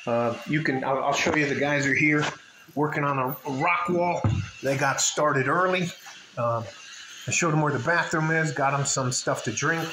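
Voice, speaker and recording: A man's voice: fairly high pitch, steady tone, normal speed. A man with a West Texas accent talking casually and bluntly to his viewers, rambling and swearing now and then. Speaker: vlogger. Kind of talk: casual direct-to-camera talk. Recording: echoey room with faint ambient noise.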